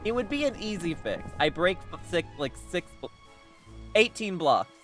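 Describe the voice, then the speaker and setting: A man's voice: high-pitched, very animated, normal speed, over music. A man chatting casually while streaming a game, rambling with many restarts and bursts of laughter. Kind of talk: casual game livestream chat.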